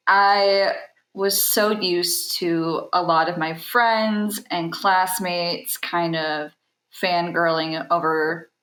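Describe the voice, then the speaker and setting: A woman's voice: medium pitch, roomy sound, rough recording. A young woman talking as a podcast guest, telling enthusiastically about her convention work, with frequent ums. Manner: animated and enthusiastic, with filler ums. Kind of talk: casual interview chat.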